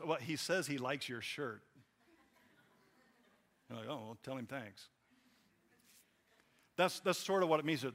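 A man preaching a sermon in a conversational way, acting out little quotes and swinging between loud emphasis and quiet asides. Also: medium pitch. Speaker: pastor.

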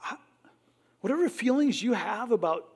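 A middle-aged man, a pastor, preaching a sermon with emphatic delivery, often dropping to a hushed tone and repeating "listen" to draw in his congregation. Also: extremely high pitch, animated, normal speed, breathy edge.

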